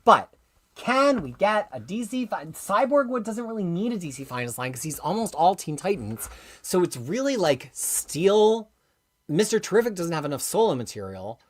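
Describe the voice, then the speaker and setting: A woman hosting a live comics stream in a lowish voice that rises and falls with lively, animated swings. She speaks with passion and bursts into loud, emphatic peaks. Between them she drops into quiet, offhand asides as she reads viewer comments. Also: moderate pace. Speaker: comics livestream host.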